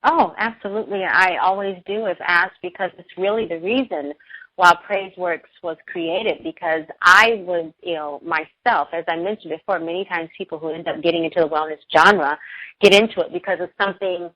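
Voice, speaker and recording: A woman's voice: fairly low pitch, normal speed, no echo, muffled recording. A middle-aged woman, a radio show guest, telling a personal story in an earnest, emotional way.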